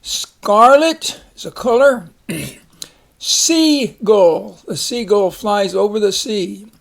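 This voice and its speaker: A man teaching a phonics lesson, slowly reading words, splitting syllables and giving example sentences. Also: high-pitched, creaky. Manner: slow, deliberate, repeats each word and splits syllables.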